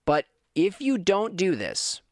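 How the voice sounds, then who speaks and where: A patient middle-aged father reasons gently and persuasively with his son, as a man puts him on in a retold story. The voice sits a touch above the teller's own and is recorded dry and close. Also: high voice, huge pitch swings, slow pace, no room sound, voice pushed up, full character voice. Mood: earnest.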